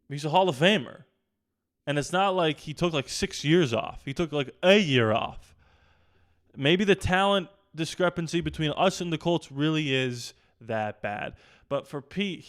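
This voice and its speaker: A man hosting a sports video, giving an exasperated, opinionated rant that keeps building to loud outbursts. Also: medium pitch, clear, resonant tone. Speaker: sports vlogger.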